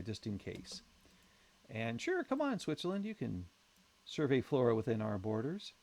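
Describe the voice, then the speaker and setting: A man's voice: medium pitch, a little mellow. A man commentating his own strategy game as he plays, thinking aloud in a wry, chatty way with self-mocking humour. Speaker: let's play host.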